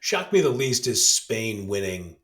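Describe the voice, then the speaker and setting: A man co-hosting a casual soccer podcast, relaxed and laid-back, swearing now and then. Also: lowish voice, a little slow. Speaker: podcast co-host. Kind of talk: casual sports chat. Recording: roomy echo.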